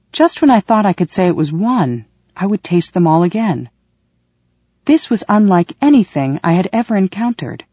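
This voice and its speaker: A woman's voice: low voice, a little mellow, no room sound, highs cut off. A woman reading a first-person novel aloud, lingering vividly on sensations and feelings. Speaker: audiobook narrator.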